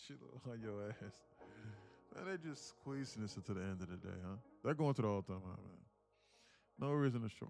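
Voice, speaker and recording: A man from with a gravelly voice, boasting about his trading and bantering with viewers on a live stream from his home apartment. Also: lowish voice, animated, brisk, darkish tone, soft background music. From Atlanta, USA. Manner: boastful, teasing banter with chat. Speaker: day trader streamer.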